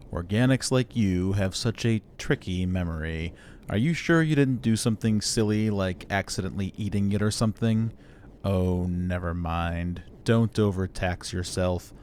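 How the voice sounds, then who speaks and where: A man voicing a smug male android who talks down to humans in a slow, drawn-out, patronizing manner. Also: deep voice, darkish tone, slight background noise. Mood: condescending.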